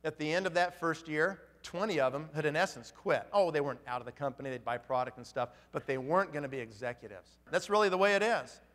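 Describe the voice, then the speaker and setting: A man's voice: a little high, fast, few pauses, a bit bright, in a large hall. A man giving an emphatic motivational talk at a conference, firing off rhetorical questions. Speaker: motivational speaker.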